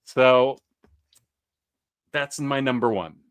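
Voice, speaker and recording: A man's voice: medium pitch, takes it slowly, a bit bright, smooth, no room sound. A man hosting a casual comics chat, enthusiastic and rambling, with lots of fillers and restarts. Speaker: comics podcast host.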